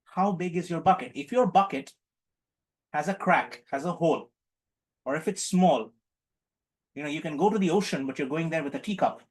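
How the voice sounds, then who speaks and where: A man with a somewhat raised pitch guides an online group healing session. He speaks in a playful, teacherly way, repeating each question to his listeners over a video call microphone. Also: normal speed, pauses often. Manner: playful, repetitive teacherly prompting.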